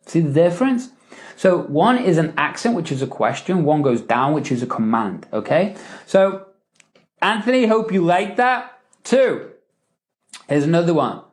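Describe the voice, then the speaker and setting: A man's voice: fairly high pitch, moderate pace. A man hosting a live Q&A session, teaching persuasive phrasing and acting out example lines with emphasis, often chuckling and checking in with "right?" and "okay?". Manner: animated, acts out example lines with rising and falling emphasis; frequent "right?" and "okay?" tags, chuckles between points. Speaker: podcast host and coach.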